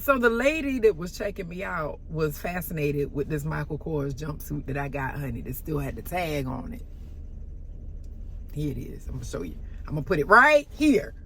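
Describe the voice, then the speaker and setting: A woman telling a story in a casual vlog, sassy and animated, with sudden loud exclamations and soft asides. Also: sits low, normal speed, a little hiss or hum.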